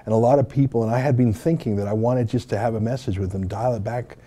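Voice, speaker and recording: A man's voice: mid-range voice, quick pace, dark tone. A man from Canada hosting and giving an opinionated, indignant commentary, with rhetorical questions. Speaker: host and commentator.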